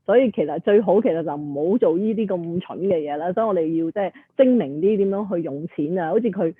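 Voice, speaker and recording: A woman hosting an interview, summarizing for viewers and pausing often to search for words. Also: fairly low pitch, breathy edge, no echo. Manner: hesitant, with frequent filler sounds. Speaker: host. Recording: tinny phone-like line, dry.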